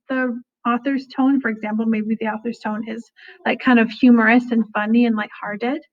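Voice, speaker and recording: A young woman teacher giving a casual recorded lesson, full of fillers and "kinda". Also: on the high side. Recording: slightly dull lo-fi audio.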